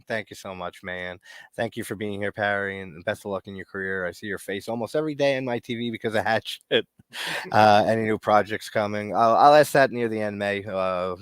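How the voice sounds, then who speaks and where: Low-voiced eager host, dry sound. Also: male voice, clean tone, no room sound. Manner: eager fan, rambling questions with fillers. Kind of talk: live-stream interview.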